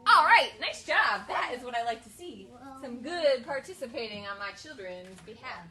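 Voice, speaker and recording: A young woman leads small children through a song, then reads to them in a high, sing-song voice. Her tone is bright, upbeat and encouraging, and a guitar plays softly behind her. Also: lively intonation, normal speed. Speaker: teacher and mother. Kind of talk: kids' song and read-aloud lesson.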